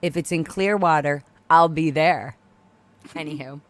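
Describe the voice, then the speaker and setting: A woman on a live video call telling a story in casual chat, animated and loudly acting out the quoted lines. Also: deep voice, unhurried, no echo. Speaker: guest on live stream.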